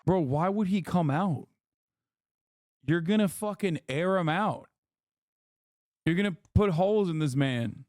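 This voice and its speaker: A man's voice: high-pitched, lively intonation, a little slow, pauses often, a little mellow, no echo. A man streaming his reactions to a video, blunt and profane, with incredulous remarks. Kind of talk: casual reaction commentary.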